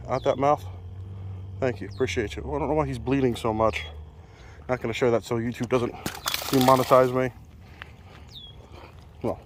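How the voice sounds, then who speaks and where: A man's voice: mid-range voice, vocal fry, a little hiss or hum. A man talking casually to his viewers while bank fishing, recorded on a chest-mounted camera, chatty and self-deprecating. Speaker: fishing vlogger. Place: outdoors on a lake bank.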